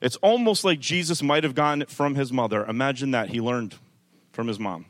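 A male pastor preaching a sermon, moving from calm teaching to rising, emphatic delivery, with conversational asides to the congregation. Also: brisk. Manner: builds from calm teaching to loud, high-pitched preaching.

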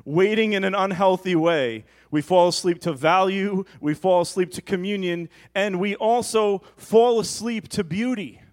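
A man preaches a relaxed, conversational sermon, teasing and addressing his congregation directly. His voice sits noticeably high for a man. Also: normal speed, few pauses, low-quality recording. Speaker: pastor.

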